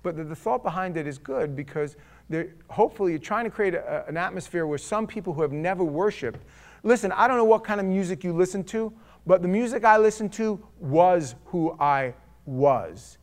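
Male pastor, somewhat high voice, chatty sermon delivery with dry humor, shifts from loud to hushed. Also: animated, moderate pace. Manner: conversational, wry and humorous, swinging between loud and hushed.

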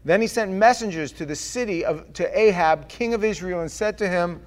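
A middle-aged man, a senior pastor, praying softly then preaching a sermon with emphatic delivery and humorous asides to the congregation. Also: high voice, moderate pace. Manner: earnest, shifts from hushed prayer to loud emphatic preaching. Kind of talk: sermon with opening prayer and scripture reading.

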